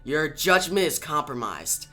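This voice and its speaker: A man's voice: on the high side, very animated, unhurried, bright, forceful tone, faint music behind, exaggerated voice. A man reading a stern superhero leader woman. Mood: urgent.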